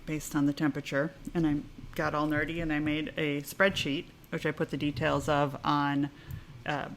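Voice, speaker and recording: Female co-host, low voice, easygoing chat, pauses often with ums. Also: slight background noise. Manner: relaxed, with frequent ums and uhs. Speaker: podcast co-host. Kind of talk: casual chat. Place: yarn shop. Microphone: recorded on camera.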